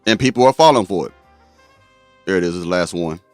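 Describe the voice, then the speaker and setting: A man's voice: sits low, lively intonation, fairly quick, darkish tone, no echo, soft background music. A man hosting a live-stream talk show, speaking bluntly and straight to his viewers. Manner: blunt, addresses viewers directly.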